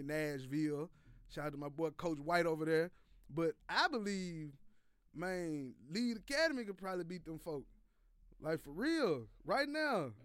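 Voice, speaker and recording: High-pitched with a clear, resonant tone, a man rants his way through casual sports commentary as a podcast host, swearing, using slang, and repeating himself a lot. The recording is dry and of studio quality.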